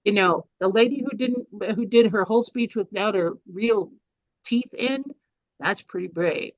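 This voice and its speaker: A woman's voice: medium pitch, unhurried, no room sound. An older woman presenting a speaking workshop, talking in an informal, chatty way with fillers and restarts. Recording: dry, slightly dull recording.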